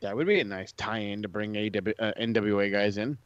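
A man's voice: fairly low pitch, a little fast, clean tone, no echo, dull audio. A man on a casual wrestling podcast panel, laid-back and giving short remarks.

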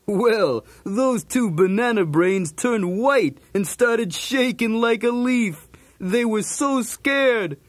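A man's voice: high-pitched, lively intonation, slow pace, dry recording, exaggerated voice. A man voicing a cool, wisecracking male cartoon dog, narrating a storybook cassette in a jokey, streetwise manner. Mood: breezy.

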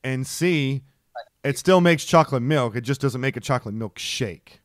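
A man co-hosting a casual comedy podcast who rants excitably and swears a lot. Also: mid-range voice, moderate pace, no room sound, studio quality. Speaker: podcast co-host.

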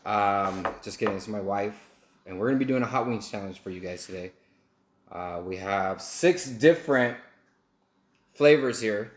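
Young guy from texas cracking jokes and rambling, lowish voice, roomy echo. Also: moderate pace. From El Paso, Texas. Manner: joking, rambling storyteller. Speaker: vlogger. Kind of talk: casual story-time chat. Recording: echoey room, faint noise.

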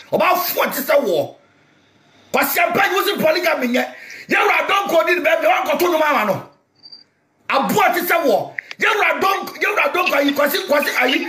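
A man with a Ghanaian accent preaching in a loud, fiery rant, often shouting. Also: very high-pitched. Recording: echoey room, faint noise.

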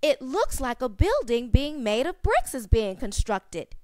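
A woman voicing a calm father in a children's story, in a calm, even way. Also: high voice, measured pace, no echo, clean studio sound. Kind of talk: storybook character reading.

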